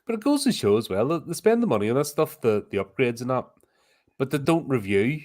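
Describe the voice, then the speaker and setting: A man's voice: mid-range voice, sing-song, a little fast, darkish tone. A man co-hosting a podcast, giving dry, wry comments in a casual film chat. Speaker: podcast co-host.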